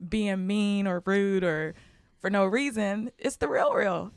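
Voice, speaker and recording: A woman's voice: medium pitch, takes it slowly, clear, resonant tone, dry recording. Woman podcast host chatting easily, laughs a lot, dry close sound. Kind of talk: casual interview chat.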